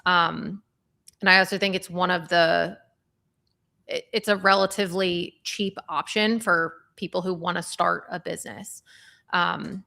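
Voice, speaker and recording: A woman's voice: fairly low pitch, steady tone, measured pace, gravelly, pushed and bright. A young woman co-hosting a livestream, talking conversationally with frequent fillers. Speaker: livestream co-host. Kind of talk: casual livestream chat.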